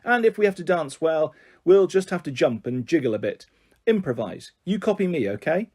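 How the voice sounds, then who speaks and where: A man's voice: on the high side, big pitch swings, normal speed, a little mellow. Man doing Ruby, bossy girl twin. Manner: pushy, relentless, scheming.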